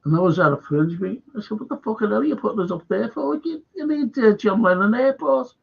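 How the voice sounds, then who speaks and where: Gravelly, husky Liverpool man ranting. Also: high-pitched, expressive, a little fast, highs cut off. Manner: swears heavily, rambling and heated. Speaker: live stream host. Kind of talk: casual rant to a live stream.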